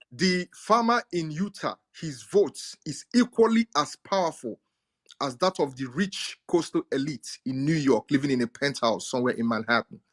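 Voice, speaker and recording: A man's voice: a little high, fairly bright tone, husky. A man explaining politics in a lecturing, emphatic way, repeating key words to stress them. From Nigeria. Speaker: speaker in a live audio chat room. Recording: audio chat stream.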